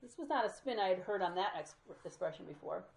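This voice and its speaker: Brief: female reader telling a true story, mid-pitched voice, drops in Spanish words. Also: animated, fast, vocal fry. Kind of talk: reading a memoir aloud.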